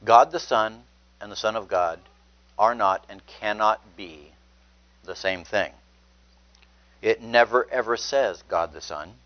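A man's voice: on the low side, slow pace, long pauses. A man preaching a sermon, reading scripture aloud and stressing words earnestly. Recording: dull lo-fi sound.

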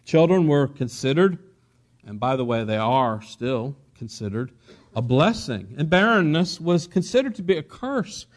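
A man's voice: medium pitch, big pitch swings, a little slow. A man preaching a sermon as a pastor, asking the congregation for responses and dropping in joking asides.

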